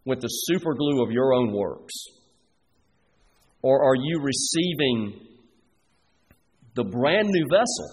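A man preaching a sermon as pastor, earnest and deliberate, pausing between phrases. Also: mid-range voice, slightly rough, in a large hall.

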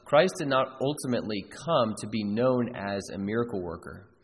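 A man's voice: on the low side, expressive, normal speed, slightly rough, long reverb tail, rough recording. A man preaching a sermon as a pastor, earnest and emphatic, repeating key phrases for weight. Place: church sanctuary.

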